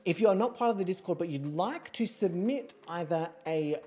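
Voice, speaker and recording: Woman host, casual livestream chat, low mellow voice, very lively pitch, jokey and chatty. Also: normal speed. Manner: chatty, jokey, swings into squealing high voices. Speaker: streamer hosting an online model competition. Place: home streaming setup with a pet nearby.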